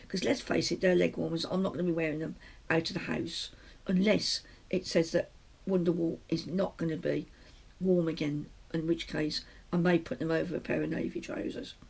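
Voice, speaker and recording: A gravelly, husky-voiced British woman chats her way through a crafting update, rambling and stopping to restart her sentences. She talks from a small shut room at home. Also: fairly low pitch, steady tone, normal speed, darkish tone. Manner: rambling, chatty, self-interrupting. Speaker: podcast host. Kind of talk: casual knitting podcast chat.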